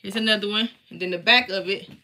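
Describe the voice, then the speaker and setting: With a mid-range voice that's quick, pushed, and bright, a woman chats casually to her live stream viewers from her home basement. She sells and teaches crafts and is showing off her embroidered patches.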